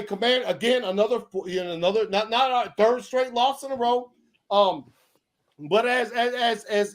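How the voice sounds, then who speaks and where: A man co-hosting a sports podcast, ranting in a heated, profane way with many stammered restarts. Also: high-pitched. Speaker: podcast co-host. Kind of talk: casual sports podcast rant.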